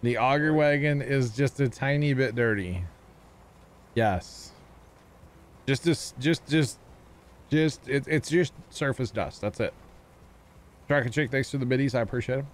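A man streaming a farming game, chatting in a relaxed, rambling way with friends. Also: medium pitch, measured pace, pauses often. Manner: laid-back, rambling. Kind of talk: casual gaming stream chat.

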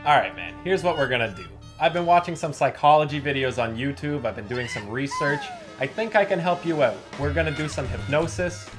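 A man's voice: on the high side, huge pitch swings, a little fast, music in the background. A young man playing the lead's friend in a student parody film, talking in a casual, laid-back way full of slang. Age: young adult. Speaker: supporting actor playing a friend.

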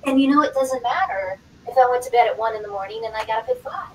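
A middle-aged wellness coach appears as a guest on a talk show, telling her personal story dramatically and acting out the dialogue. Her voice is on the high side and she talks fast; the sound is roomy, from a distant mic with clear background noise.

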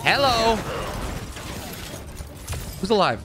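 A man streaming a video game, loud and excitable, swearing and trash-talking enemies as he plays. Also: on the high side, fairly quick, pauses often. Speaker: gaming streamer. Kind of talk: let's play commentary. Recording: game music loud behind voice. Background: video game music and sound effects.

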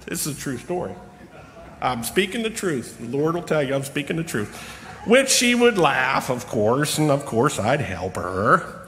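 A middle-aged man giving a rambling personal sermon in a church, humorous and self-deprecating, slowing down for emphasis. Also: mid-range voice, big pitch swings, a bit bright. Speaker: lay preacher. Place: church sanctuary. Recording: long reverb of a church hall.

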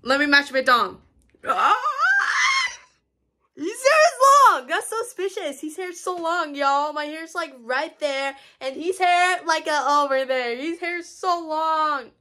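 Excitable high-voiced young woman vlogging. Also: a little slow. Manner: excitable, rambling, frequent "so basically". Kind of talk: casual vlog chat.

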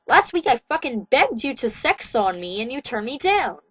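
A woman's voice: sits high, big pitch swings, normal speed, fairly bright tone, breathy edge, no echo, exaggerated voice, rough recording. A woman voicing a moody gothic teenage girl heroine who protests melodramatically. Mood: angry.

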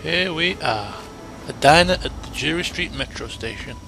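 Gamer, male, gravelly and fairly high, lively, game music underneath. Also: moderate pace. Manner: excitable, swings from mutters to shouts. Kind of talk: let's play commentary. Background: game music and sound effects.

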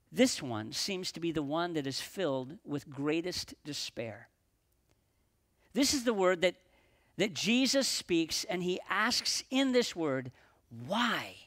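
A man preaching a sermon as pastor at a live church service, earnest, slowing down and dropping his voice for emphasis. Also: fairly high pitch, fairly bright tone.

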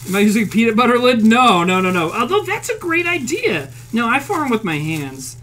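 A woman from the Upper Midwest, with a Northern Plains accent, cooks in her home kitchen on a stream while faint frying sizzles behind her. Her voice is fairly high, bright and very animated at a moderate pace, with a little hiss or hum. She chats bluntly, swears freely and answers her chat.

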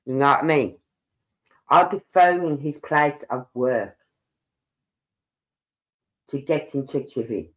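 A woman's voice: extremely low pitch, slow pace, long pauses. Brief: woman, 50s, true-crime live streamer, opinionated and indignant, roomy echo. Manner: indignant, opinionated, talks straight to viewers. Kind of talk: casual live commentary.

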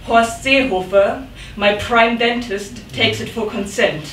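A woman's voice: a little high, slow pace, a bit bright, a little hiss or hum. Woman poet reading, echoey and distant. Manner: dramatic, rhythmic reading with sudden outbursts. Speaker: poet reading her work. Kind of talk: live poetry reading. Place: event room. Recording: echoey room, mic at a distance.

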